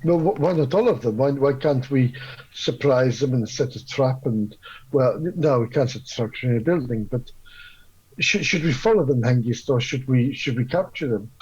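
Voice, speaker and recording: Male player, husky and slightly dull-sounding, stammers on restarts. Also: medium pitch, normal speed. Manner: stammering, playfully flattering. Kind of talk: tabletop role-play.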